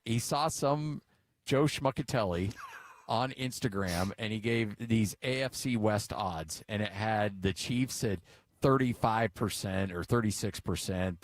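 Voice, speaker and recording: Dry-sounding middle-aged American radio host. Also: male voice, lowish voice, no room sound. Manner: chatty, storytelling, joking. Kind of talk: casual sports talk.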